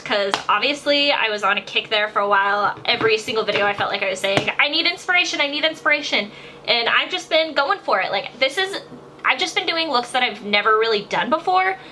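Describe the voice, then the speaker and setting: A woman's voice: on the high side, sharp tone. A young woman doing a chatty makeup tutorial voiceover from her bathroom, gushing and rambling with lots of "like". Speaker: beauty vlogger. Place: home bathroom. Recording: faint fan hiss. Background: bathroom fan noise.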